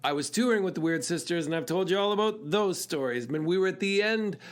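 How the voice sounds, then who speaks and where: A man's voice: high-pitched, expressive, fairly quick. A middle-aged man, a musician hosting his own show, telling a story in an earnest, reflective way, often laughing and restarting his sentences. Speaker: musician and podcast host.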